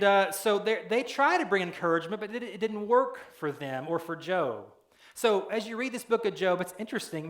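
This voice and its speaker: A man's voice: high-pitched, a bit bright, echoey room. A man preaching a sermon in a casual, conversational way, with joking asides and quoted voices that he acts out. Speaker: pastor.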